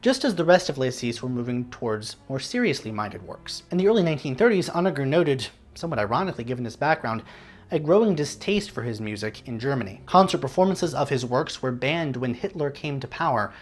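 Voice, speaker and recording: A man's voice: mid-range voice, big pitch swings, brisk. A man hosting a classical music channel, reading a scripted educational narration with wry, conversational asides. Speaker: classical music video host.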